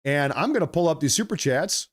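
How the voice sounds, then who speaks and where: A man runs a political livestream in a casual, chatty way, his voice sitting a little high for a man. He gets animated, doubles back on his phrases, and a slight cough comes through now and then. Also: a little fast. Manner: animated, repeats phrases, apologetic asides. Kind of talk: casual livestream commentary reading viewer chats.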